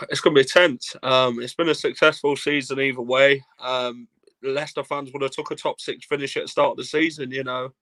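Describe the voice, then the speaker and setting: A man's voice: mid-range voice, steady tone, fairly quick, a bit bright, no room sound. A man joining a casual fan chat as a guest, talking in a laid-back, wry way. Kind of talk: casual video call chat.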